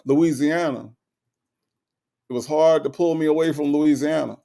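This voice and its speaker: A man from Florida, hosting a casual livestream, talking to his chat and reading their messages aloud with animated repeated restarts. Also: on the high side, measured pace, creaky. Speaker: livestream host.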